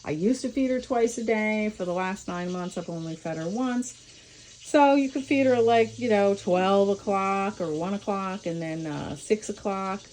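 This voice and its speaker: A woman's voice: mid-range voice, moderate pace, a little mellow, a little hiss or hum, rough recording. A young woman giving a pet sitter casual, rambling instructions in her home kitchen, full of fillers and restarts. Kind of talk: casual home video walkthrough.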